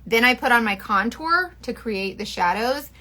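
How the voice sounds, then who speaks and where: A talkative woman from Florida vents to her viewers while doing her makeup live. Her voice sits a little high and sounds bright and clear. She rambles in casual asides. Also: moderate pace. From Florida, USA. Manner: chatty, venting, animated, swears. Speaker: makeup seller livestreaming. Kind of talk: casual livestream chat.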